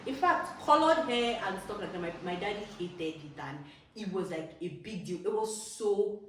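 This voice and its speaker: A young woman with a Nigerian English accent, casually telling childhood stories to her vlog audience, animated and quick to laugh. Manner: animated, laughs often, bursts into high exclamations. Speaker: vlogger. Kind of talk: casual storytelling. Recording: echoey room, distant mic, background noise.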